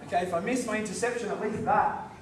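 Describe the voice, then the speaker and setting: Male karate instructor, slightly high voice, demonstrates and checks in often; distant mic, faint hiss. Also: fairly even intonation, quick pace. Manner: demonstrating, constantly checks in with the group. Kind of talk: teaching a seminar class. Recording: echoey hall, recorded from far off.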